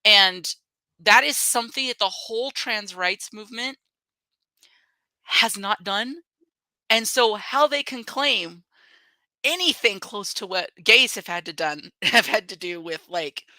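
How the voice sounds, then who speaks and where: A woman's voice: medium pitch, measured pace, sharp tone, dry recording, rough recording. A woman guest in a casual conversation, who speaks candidly and bluntly and laughs readily.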